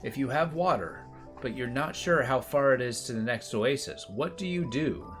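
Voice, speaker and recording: Lively male game streamer. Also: medium pitch, moderate pace, faint music behind. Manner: reads on-screen text aloud and remarks on it offhandedly. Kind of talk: casual game commentary.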